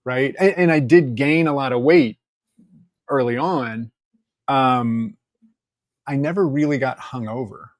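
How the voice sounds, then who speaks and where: Animated man telling stories, dry sound. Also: mid-range voice, a little slow, long pauses, no room sound. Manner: animated storyteller, laughs often, acts out quotes. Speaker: podcast guest. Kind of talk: casual interview storytelling.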